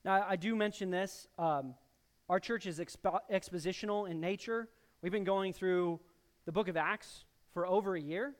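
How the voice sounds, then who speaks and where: A man preaching a sermon to his congregation, talking straight to them, swinging between emphatic loud bursts and quiet drops. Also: high voice, moderate pace. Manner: addresses the congregation directly as church. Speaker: pastor.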